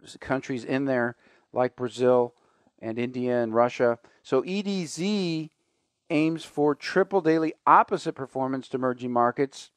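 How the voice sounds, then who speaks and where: A man's voice: medium pitch, measured pace, dry recording. A man hosting a finance radio show, talking casually and conversationally with fillers and asides.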